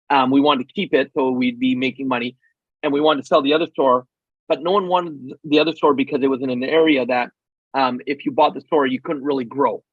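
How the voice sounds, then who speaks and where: Husky, animated male storyteller. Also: mid-range voice, dry recording, phone-quality sound. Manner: animated, acts out quoted dialogue, frequent ums. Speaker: guest. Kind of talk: casual storytelling in a podcast interview.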